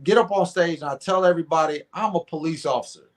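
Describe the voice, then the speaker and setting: Man, fairly high voice, middle-aged, casual storytelling, acts out dialogue, repeats words. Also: fast. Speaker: guest comedian.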